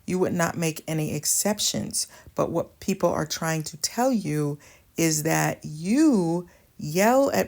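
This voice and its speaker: A woman's voice: deep voice, vocal fry, a little mellow. A woman hosting an advice channel, talking straight to her viewers in an earnest, plainspoken, coaching way. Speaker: channel host giving advice. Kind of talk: direct-to-camera advice talk.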